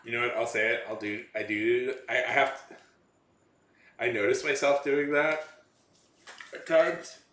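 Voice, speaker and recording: A vlogger chats casually to his viewers in a medium-pitched, steady, slightly bright voice, unhurried and with long pauses. He rambles, often restarting and correcting his sentences, in an echoey room.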